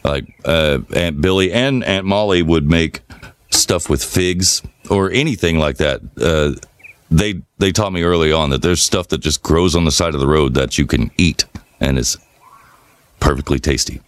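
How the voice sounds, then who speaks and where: A man with a very low voice co-hosts a casual podcast. He spins long, loose stories and swears freely. The sound is dry and close to the mic. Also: normal speed, no room sound. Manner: relaxed rambling storyteller, swears freely. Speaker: podcast co-host. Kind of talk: casual chat, storytelling.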